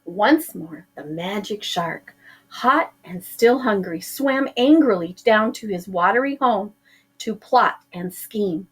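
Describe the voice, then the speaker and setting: A woman teacher narrating a children's storybook aloud, slow and expressive. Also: mid-range voice, slightly rough.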